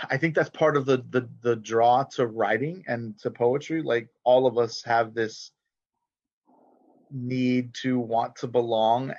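A man's voice: no room sound, dull audio. A man, telling stories in a casual conversation with many restarts. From South Texas. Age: 40s. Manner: animated, frequent restarts, jumps high when imitating relatives. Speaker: poet guest.

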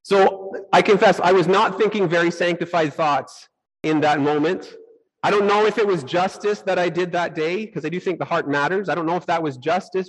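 A man's voice: sits high, rough recording. A middle-aged man preaching a sermon, telling personal stories and acting out his own reactions. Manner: animated storytelling, acts out his own reactions. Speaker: pastor.

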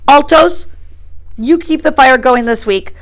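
A woman's voice: high voice, unhurried, voice pushed up. A woman voicing a proud, bossy boy who gives orders to the group. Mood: commanding. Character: bossy fierce boy leader, proud and scornful.

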